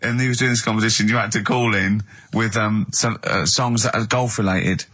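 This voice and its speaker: Man, radio co-host, joking, animated, bright tone. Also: on the low side. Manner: animated, joking, quick to laugh. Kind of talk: comedy radio chat.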